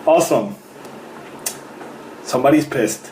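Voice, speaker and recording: A man's voice: on the high side, expressive, unhurried, long pauses, darkish tone. A man, a fitness coach, chatting casually on a live stream, greeting viewers by name and laughing often. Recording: roomy echo with faint noise.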